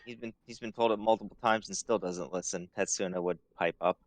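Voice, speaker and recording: A man's voice: low voice, fairly even intonation, brisk, no room sound. A man playing in a tabletop game, talking in a laid-back drawl. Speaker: player.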